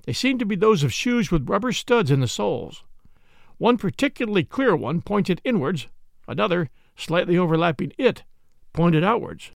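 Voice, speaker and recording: Gravelly man reading a mystery aloud. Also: sits high, big pitch swings, dry recording, studio quality. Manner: measured storytelling. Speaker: audiobook reader. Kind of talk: scripted first-person narration.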